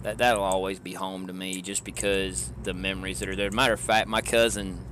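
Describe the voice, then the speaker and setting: A man from Georgia with a Southern accent, chatting with his stream viewers in a relaxed, rambling way, often chuckling. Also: sits low, brisk, slight background noise. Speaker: live streamer. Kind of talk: casual chat with stream viewers. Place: in a car.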